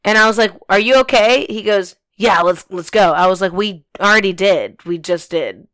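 A woman's voice: medium pitch, moderate pace, fairly bright tone. A young woman telling a story in casual podcast chat, blunt and swearing freely, with many fillers.

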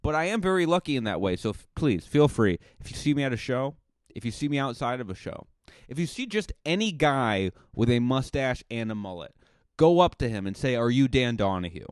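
Guy comic rambling on his podcast, mid pitch, dry close sound, lots of ums and restarts. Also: big pitch swings, fairly quick, no room sound. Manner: chatty and rambling, with many restarts and fillers. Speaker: stand-up comedian and podcast host. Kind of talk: casual podcast monologue.

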